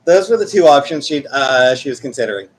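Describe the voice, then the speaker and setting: A man's voice: mid-range voice, animated, fast. A man in his forties from Canada, chatting casually with his viewers in a rambling, hesitant way that keeps correcting itself. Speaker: streamer reading chat. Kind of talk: casual chat.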